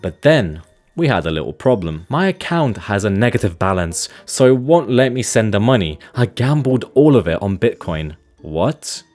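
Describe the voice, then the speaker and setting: A young man narrates with a dry, playful wit. His voice sits fairly low, and quiet music runs underneath. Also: big pitch swings, moderate pace. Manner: playful, wry, reads out chat messages. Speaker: vlogger. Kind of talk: comedic storytelling narration.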